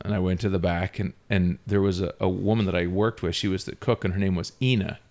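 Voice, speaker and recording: A man telling a funny story on a podcast in an animated, self-mocking way, often laughing. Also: sits low, fast talker. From Ontario, Canada. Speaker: podcast host. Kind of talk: casual storytelling.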